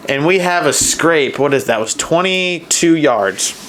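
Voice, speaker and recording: A man's voice: fairly high pitch, a little slow, slight background noise. A man co-hosting a podcast, casually retelling a deer hunt and acting out what the deer were thinking. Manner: animated storyteller, acts out deer thoughts. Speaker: podcast co-host. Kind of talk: casual hunting story chat.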